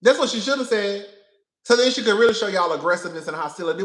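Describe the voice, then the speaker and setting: Sassy male vlogger, bright tone, laughs a lot, roomy echo. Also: high-pitched, fast talker. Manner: sassy, profane, laughs often, animated. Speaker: pop culture commentator. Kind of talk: casual reality-TV commentary.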